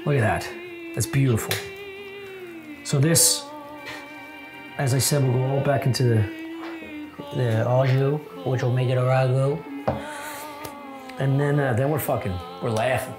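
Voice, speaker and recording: A man's voice: mid-range voice, a little slow, pauses often, music in the background. A man cooking and chatting casually, joking and cursing freely as he works. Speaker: cook. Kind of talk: casual kitchen chat.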